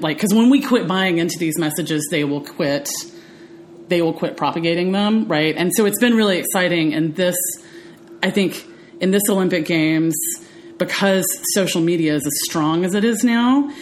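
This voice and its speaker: Woman with a lowish voice chatting on a podcast, lots of "like" and "um", bit of hiss. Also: normal speed. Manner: chatty, animated storytelling with many fillers. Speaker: podcast co-host. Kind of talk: casual chat.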